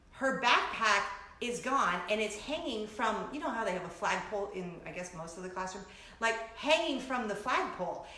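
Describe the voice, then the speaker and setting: A middle-aged woman hosting a casual chat vlog, telling stories with animated energy, laughing often and acting out shrieks. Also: medium pitch, reverberant. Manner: animated storytelling, breaks into laughter, acts out shrieks. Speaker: vlogger host.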